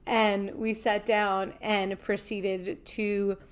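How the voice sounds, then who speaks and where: Woman, podcast co-host, casual and playful, mid-pitch, easy chat. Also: flat delivery, smooth. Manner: chatty, playful, quick to agree.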